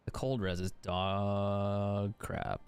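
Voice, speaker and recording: A man's voice: lowish voice, monotone, extremely slow, clean tone. A young man chatting casually as a game streamer, swearing freely and laughing often. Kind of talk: casual gaming stream commentary.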